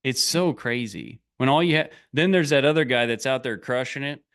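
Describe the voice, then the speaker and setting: A man's voice: medium pitch, moderate pace, a bit bright, clear, resonant tone. A middle-aged man, a business coach, talking casually in a blunt, swearing, rambling way full of restarts. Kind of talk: casual motivational talk.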